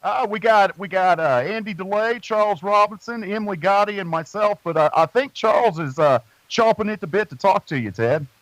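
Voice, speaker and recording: A man's voice: high voice, fairly quick, few pauses, a bit bright, no room sound, rough recording. A man hosting a motorsports radio show in a loose, joking, chatty way. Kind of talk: casual radio chat.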